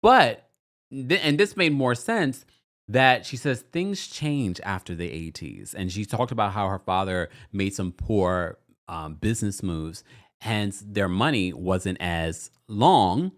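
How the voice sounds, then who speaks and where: Animated man recapping reality TV. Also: deep voice. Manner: chatty, animated, reads out listener comments. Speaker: podcast host.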